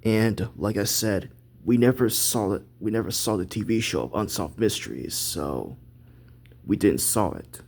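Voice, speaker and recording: A man with a low, slightly husky voice, unhurried as he spins out a rambling story for an amateur web series. He talks in a loose, halting way, circling back and restarting his sentences as he goes. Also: a little mellow. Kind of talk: casual hobby role-play chat.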